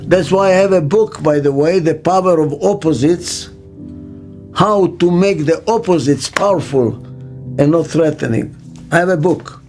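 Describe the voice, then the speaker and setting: Speaking to camera in an interview, an older business consultant gives answers in brief, forceful sentences and poses rhetorical questions. His pitch is fairly high, though the tone of his voice is somewhat dark.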